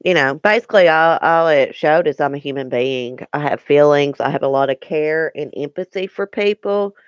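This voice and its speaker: A woman's voice: sits low, moderate pace, clear, resonant tone, no echo, lo-fi sound. A woman hosting a casual live stream, chatting earnestly with viewers and replying to their comments. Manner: chatty and earnest, with frequent ums and restarts. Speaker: YouTube live-stream host.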